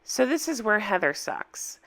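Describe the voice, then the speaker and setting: A woman recapping a reality show in a casual, opinionated way, hoarse from a cold and asking viewers for their thoughts. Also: medium pitch, sing-song, a little slow, fairly bright tone. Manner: chatty, opinionated, asks viewers for comments.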